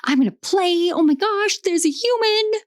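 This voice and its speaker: A woman voicing an excited, wriggly little puppy who talks in breathless, squealing bursts. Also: very high voice, moderate pace, pitched above the performer's own voice. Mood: overexcited.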